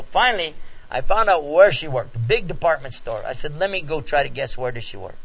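A man speaking at a talk, telling a personal story in an animated way and acting out the scenes. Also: on the high side, quick pace, gravelly, breathy edge. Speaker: lecturer answering questions. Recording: dull lo-fi recording.

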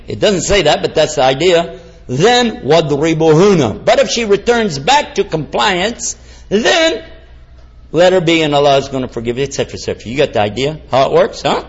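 A man preaching to a live audience, animated and quizzing them with questions and jokes. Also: fairly high pitch, husky. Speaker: Islamic preacher. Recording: dull lo-fi sound.

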